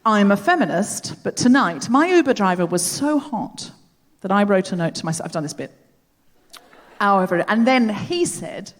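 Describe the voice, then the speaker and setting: A woman's voice: medium pitch, animated, moderate pace. A woman hosting a live comedy podcast on a theatre stage, telling rambling, self-deprecating stories. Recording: long theatre reverb.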